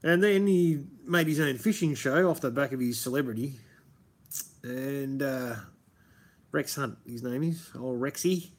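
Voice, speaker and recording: This is an Australian man with a rough, husky voice at an ordinary pitch. He chats casually and rambles from one thought to the next. He swears freely and keeps calling people mate. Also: a little slow. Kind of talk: casual chat.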